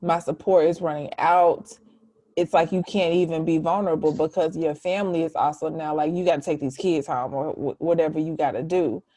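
A woman hosting a casual conversation, warmly affirming her guest and animated when she retells what others said. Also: deep voice, brisk. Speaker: podcast host.

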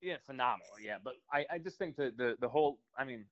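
A man being interviewed as a guest musician, speaking in a halting way with many restarts. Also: mid-range voice, lively intonation, no echo, dull audio. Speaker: guest cellist. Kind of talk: casual interview chat.

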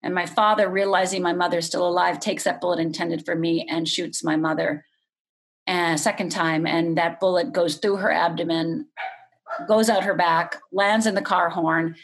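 A middle-aged woman from Upper Michigan, telling a painful personal story as a podcast guest in a candid, unhurried way. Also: fairly low pitch, steady tone. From Upper Michigan, USA.

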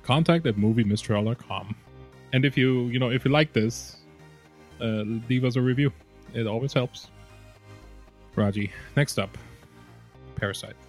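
A man's voice: mid-range voice, moderate pace, long pauses, soft background music. Wry man co-hosting a movie podcast. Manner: animated, stammering repeats, wry. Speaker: podcast co-host. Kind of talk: casual movie review chat.

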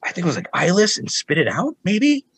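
A man in his forties telling stories casually as a podcast guest, animated and raising his voice to act out quotes. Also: sits high, fairly quick, gravelly, husky, dry recording, poor audio. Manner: animated, acts out quotes in raised voice. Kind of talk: casual storytelling.

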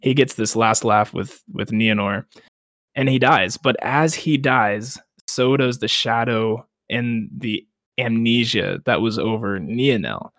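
Young male podcast co-host, casual, animated storyteller, dry mic. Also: mid-range voice, takes it slowly, no room sound. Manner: animated retelling, acts out quotes, laughs often. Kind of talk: casual book discussion.

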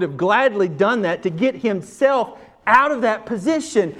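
A man preaching a sermon as pastor, emphatic, repeating his phrases and swinging from hushed to forceful. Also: sits high, expressive, unhurried.

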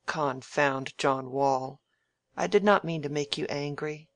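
A reader doing an emphatic, piqued young gentleman. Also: medium pitch, takes it slowly, no room sound. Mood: protesting. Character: idle, good-humoured young gentleman, easily piqued. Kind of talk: audiobook dialogue reading.

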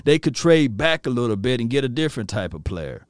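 A man hosting a casual sports podcast live stream, loose and slangy, shouting out viewers in the chat. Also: medium pitch, a little fast, few pauses, dry recording, studio quality. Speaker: podcast host.

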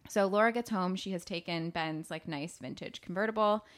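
A woman co-hosting a podcast, recapping a thriller in casual chat with laughs and acted-out lines. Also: on the low side. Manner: animated storytelling with quick laughs. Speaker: podcast co-host.

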